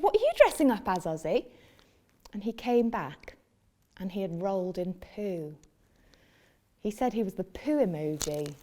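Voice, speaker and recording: A woman teacher reading a picture book aloud to children, chatty and expressive. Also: medium pitch. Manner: animated and expressive storytelling.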